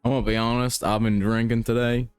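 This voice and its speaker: A man's voice: medium pitch, little pitch movement, fast, smooth, dry recording, clean studio sound, soft background music. A man playing a tabletop game, talking in a hesitant, rambling way. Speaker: player. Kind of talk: casual tabletop play.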